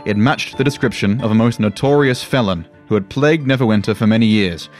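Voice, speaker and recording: A man with a fairly low voice narrates a fantasy tale, measured and dramatic in his delivery. A faint guitar plays softly underneath. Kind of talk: storytelling narration.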